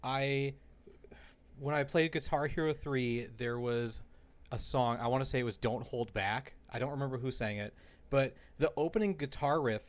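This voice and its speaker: A man co-hosting a podcast in casual chat, telling a story animatedly and laughing as he goes. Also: mid-range voice. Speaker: podcast co-host.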